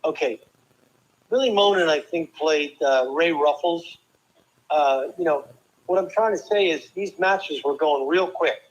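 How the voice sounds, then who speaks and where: An older man from New Jersey, a former tennis player and guest, telling lively stories with quick asides and restarts. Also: on the high side, highs cut off. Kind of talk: casual storytelling interview.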